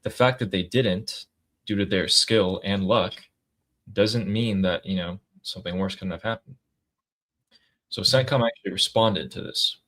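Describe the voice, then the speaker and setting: A man's voice: fairly low pitch, a little slow, a bit bright. A man co-hosting a casual livestream, reading out news updates and reacting to them. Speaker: political commentary co-host.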